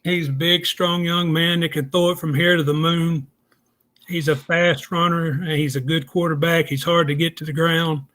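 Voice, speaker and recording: A man's voice: on the high side, fairly even intonation, moderate pace, pushed and bright. A man, talking casually as a guest and explaining things step by step in a folksy, plainspoken way. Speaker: guest analyst. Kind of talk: casual podcast chat.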